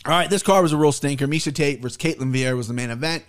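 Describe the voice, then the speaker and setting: A young man hosting a podcast, telling a story in casual, profane chat with sudden loud outbursts. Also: a little high, rapid-fire, clean tone. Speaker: podcast host.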